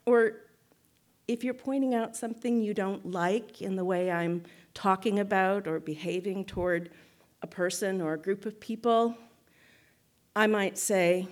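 A woman giving a reflective spoken teaching to a group, measured and thoughtful, often checking in with "right?" and restarting phrases. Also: mid-range voice, fairly even intonation. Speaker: guest speaker.

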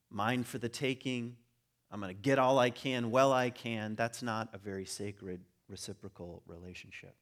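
A middle-aged man speaks to a gathering in an unscripted lecture, his voice sitting at an ordinary pitch. He drifts between casual asides and bursts of animated emphasis. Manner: conversational, rising to animated emphasis. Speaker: speaker on religion and home. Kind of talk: informal lecture to a group.

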